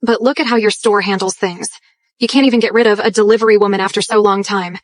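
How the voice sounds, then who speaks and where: A woman's voice: medium pitch, steady tone, fast, natural voice. An actress playing an arrogant young woman posing as a rich heiress, imperious and scornful, in an English drama dub. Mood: haughty.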